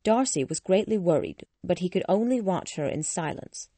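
A woman narrating a storybook in a steady, clear reading voice. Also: lowish voice, normal speed, dry recording. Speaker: audiobook narrator.

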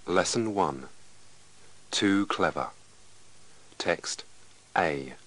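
A man reading English lesson texts aloud as scripted narration, slow and measured. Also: low-pitched, animated, fairly bright tone, low-quality recording.

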